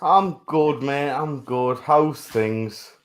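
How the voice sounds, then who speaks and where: A man's voice: medium pitch, extremely slow. A man co-hosting a casual podcast, laid-back and playful, swearing now and then. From north of England. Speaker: podcast co-host. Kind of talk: casual banter.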